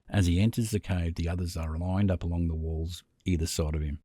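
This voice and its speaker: A man narrating a horror story script in a steady, measured way. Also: low voice, soft background music.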